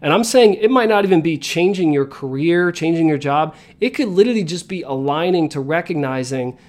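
A man's voice: a little high, lively intonation, brisk, a little mellow. A man in his thirties, a podcast host telling a story and coaching his listeners in an earnest motivational style. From United States.

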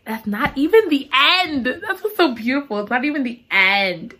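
Bright, animated woman recapping a story. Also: high voice, moderate pace, breathy edge. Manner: dramatic, exclamatory, slangy storytelling. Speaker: book recap vlogger.

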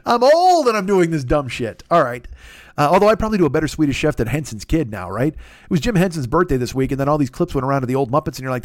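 A man's voice: a little high, sing-song, very fast, darkish tone, no echo, studio quality. A middle-aged man hosting a comedy podcast, ranting casually in a sarcastic, profane and rambling way.

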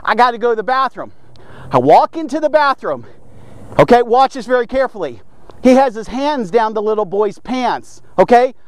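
High-voiced man preaching emphatically. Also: very animated, moderate pace, no room sound. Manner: emphatic, keeps checking in with "okay?" and "watch this". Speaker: devotional preacher. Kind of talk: devotional sermon.

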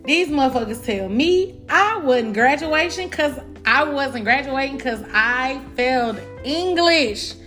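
A woman's voice: high voice, lively intonation, slow pace, few pauses, fairly bright tone, faint music behind. A woman, telling a frank, profane storytime. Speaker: vlogger. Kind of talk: casual storytime.

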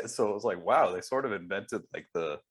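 A man's voice: on the low side, breathy edge. A man co-hosting a casual podcast chat, joking along and riffing with his co-host. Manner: laughing, riffs in silly put-on voices.

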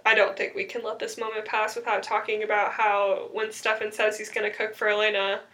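A woman's voice: medium pitch, flat delivery, brisk, pushed and bright. A young woman chatting casually, recapping a TV episode and acting out quotes with sarcasm.

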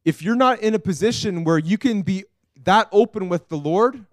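A man preaching a sermon as pastor, earnest, dropping to a hush and rising to loud pleading. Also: high-pitched, animated, moderate pace, no echo, clean studio sound. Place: church.

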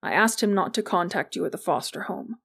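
A protective male police sergeant, voiced by a woman in an audiobook. He speaks in a steady, reassuring way, and the voice is gravelly. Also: medium pitch, brisk.

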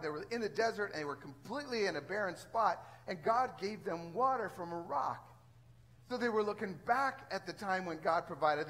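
A man preaching a sermon as a pastor, talking in a conversational, animated way with frequent restarts. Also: sits high, low-quality recording.

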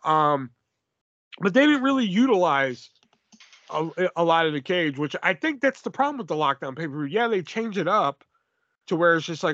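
A man co-hosting a podcast, chatting casually and profanely about wrestling, rambling and animated. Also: fairly high pitch, normal speed, no echo, lo-fi sound. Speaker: podcast co-host. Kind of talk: casual wrestling review chat.

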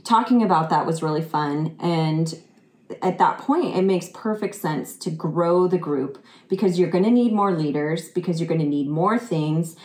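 A woman's voice: deep voice, moderate pace, a little mellow, reverberant. A woman co-hosting a podcast in casual chat, agreeable and often saying "you know" and "right.". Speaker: podcast co-host.

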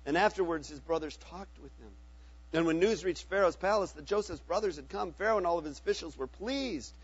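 A man reading a Bible passage aloud in a steady, earnest way, with small slips now and then. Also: a little high, fairly quick, slightly rough, no echo, muffled recording. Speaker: scripture reader.

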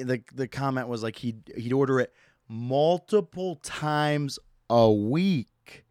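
A man's voice: mid-range voice, no echo. A young adult man hosting a solo comedy podcast, ranting with mock disgust and plenty of swearing into a close mic. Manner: animated, profane, mock-disgusted. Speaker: podcast host.

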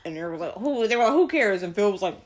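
A woman tells a story on a casual podcast, her voice at an average pitch. She swears, laughs and acts out what everyone said. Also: fast. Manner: animated storytelling, swearing, laughing, acting out quotes. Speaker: podcast co-host.

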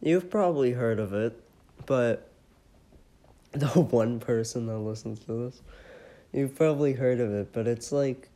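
A man rambling excitably and casually about his favorite video games, with frequent giggles. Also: mid-range voice, a little slow, long pauses. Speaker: vlogger. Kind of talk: casual enthusiastic chat.

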